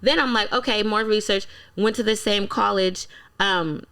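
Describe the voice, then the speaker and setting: A woman musician from Philadelphia telling stories in a casual interview, animated and acting out quotes. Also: mid-range voice, moderate pace, clean tone. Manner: animated storyteller, acts out quotes, exclaims. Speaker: guest musician.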